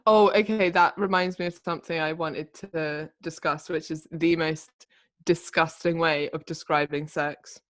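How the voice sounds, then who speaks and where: Giggly low-voiced woman. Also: unhurried. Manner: giggly, animated and self-conscious. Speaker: podcast co-host. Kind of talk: casual chat.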